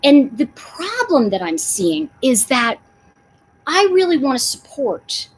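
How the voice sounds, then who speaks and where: A woman's voice: sits high, sing-song, slow, a little hiss or hum, poor audio. A middle-aged woman hosting a casual livestream, talking emphatically and answering viewers in the chat. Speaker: livestream host.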